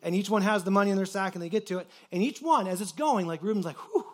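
A man gives a loose, chatty sermon in a fairly high voice. He drops in lots of fillers and slips into voices for the people in the story. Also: fast talker. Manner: casual and animated, acting out quoted voices; uses many fillers like "like". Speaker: pastor. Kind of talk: conversational sermon.

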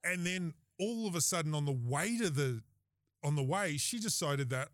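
Animated Australian man telling a laughing story. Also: high-pitched, measured pace, no room sound, studio quality. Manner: animated, laughing storyteller who acts out quoted lines. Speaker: podcast host. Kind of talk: casual storytelling chat.

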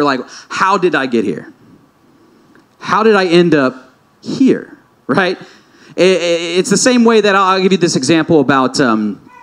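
A man's voice: sits high, fairly bright tone. A man preaching a sermon to a congregation, speaking conversationally, asking the room questions and often restarting his sentences. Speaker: pastor. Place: church hall before a congregation.

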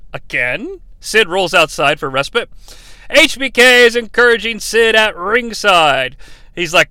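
A man hosting a comedic wrestling recap, sarcastic and animated, with mock-courtroom asides. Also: high voice, moderate pace, clear, resonant tone, dry recording. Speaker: podcast host recapping wrestling.

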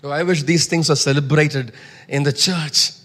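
A man preaching a sermon, reading scripture loudly and dropping to soft asides. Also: fairly high pitch, steady tone, normal speed, big-room sound. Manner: emphatic, swings between soft asides and loud scripture reading.

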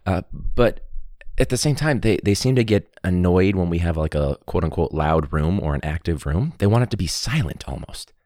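A man's voice: deep voice, lively intonation, moderate pace, darkish tone, dry recording. A man who teaches, hosting his own podcast in a candid, rambling, wry way on a studio mic. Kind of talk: casual solo podcast talk. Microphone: studio mic with pop filter.

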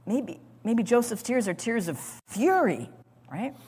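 A woman's voice: on the high side, very animated, measured pace, darkish tone, husky. A woman teaching a sermon in dramatic storytelling style, repeating words as she goes. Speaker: Bible teacher. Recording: long hall reverb.

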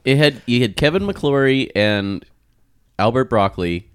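Smooth-voiced male podcast co-host. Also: mid-range voice, animated, measured pace, no room sound, clean studio sound. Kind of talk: casual chat.

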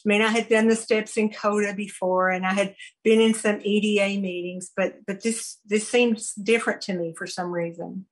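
A woman giving a personal recovery testimony, earnest and halting, with many fillers and restarts. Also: mid-range voice, steady tone, low-quality recording. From American South. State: briefly choked up. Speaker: recovery program speaker sharing her story.

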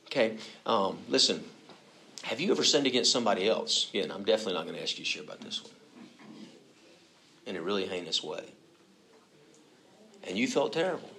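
A man delivers a sermon in a relaxed, conversational way. He often slips into little acted-out voices and moves between hushed and loud passages. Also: lowish voice, fairly quick, vocal fry, pauses often, slight background noise. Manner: conversational, acts out quoted voices, swings from soft to loud. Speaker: pastor.

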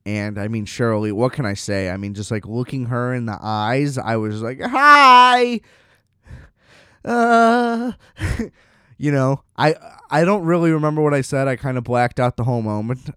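A man's voice: mid-range voice, a little fast, darkish tone, clean tone, dry recording, studio quality. A man casually telling a rambling, self-deprecating story, often laughing at himself.

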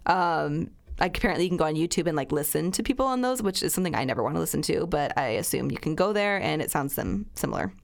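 A woman with a lower voice, co-hosting a chat podcast. She talks things through casually, hedging and filling with likes and ums. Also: animated, fast, creaky, hardly any pauses. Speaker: podcast co-host. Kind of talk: casual true-crime chat.

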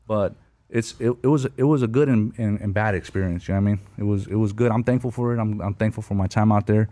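A man's voice: fairly low pitch, quick pace, warm tone, dry recording. A man telling war stories in casual talk, swearing often, repeating himself and calling the listener bro and homie. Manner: profane, repeats words, says bro and homie. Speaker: podcast guest, Air Force veteran. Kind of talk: casual storytelling.

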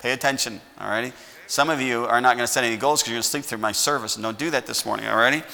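A man's voice: medium pitch, rapid-fire, gravelly, pushed and bright, in a large hall. A middle-aged man preaching a sermon as pastor, folksy, often checking in with "all righty?". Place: church sanctuary.

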